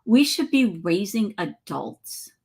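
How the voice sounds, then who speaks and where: Woman counselor explaining calmly. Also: medium pitch, creaky, slightly rough. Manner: measured, teacherly, asks rhetorical questions. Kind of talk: explaining to a host in conversation.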